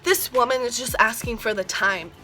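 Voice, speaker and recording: A teenage girl telling a story on her vlog, slangy and animated, full of "like" and swearing. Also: a little high, moderate pace, faint music behind. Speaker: vlogger.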